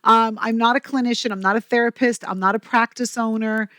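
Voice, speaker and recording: A woman guest on a podcast, telling stories in an energetic, chatty way with quick asides. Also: fairly high pitch, no echo, clean studio sound. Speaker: podcast guest, company president. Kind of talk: casual interview talk.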